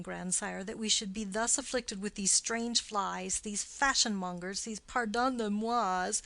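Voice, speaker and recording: Audiobook: woman voicing a sharp-tongued young nobleman, teasing and playful, dry close sound. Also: a little high, vocal fry, dry recording. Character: witty, mocking young male nobleman.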